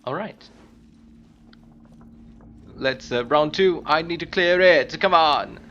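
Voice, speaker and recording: A man commentating live on his own gameplay, chatting casually and bursting into loud screams and laughs at the game. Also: fairly high pitch, slow pace, lo-fi sound. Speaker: game streamer.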